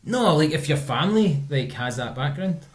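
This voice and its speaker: A Scottish man hosting a podcast, chatting casually and telling animated stories. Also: a little high, normal speed, echoey room. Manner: chatty, animated storytelling with laughs. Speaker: podcast host. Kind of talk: casual chat.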